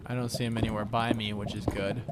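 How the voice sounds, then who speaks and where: A man's voice: on the low side, flat delivery, fast, music in the background. A young man telling rambling stories while commenting on a video game he is playing, with lots of fillers. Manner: rambling storytelling with many fillers. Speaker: let's play commentator. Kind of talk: casual gameplay commentary. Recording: home recording with audible background noise. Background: clicking sounds.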